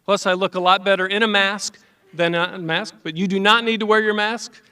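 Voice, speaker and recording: Ceremony host with a high bright voice, relaxed and joking, on a distant microphone. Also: male voice, fairly quick, clear, resonant tone. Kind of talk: ceremony hosting.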